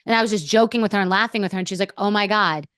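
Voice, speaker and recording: A woman's voice: mid-range voice, fairly even intonation, rapid-fire, a bit bright, no room sound, studio quality. A woman guest on a podcast, telling a candid story in a blunt, profane, rambling way.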